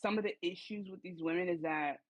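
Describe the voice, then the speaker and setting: A woman's voice: fairly low pitch, a little fast, muffled recording. A woman co-hosting a podcast, giving blunt opinions in slangy casual chat with lots of fillers. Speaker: podcast co-host.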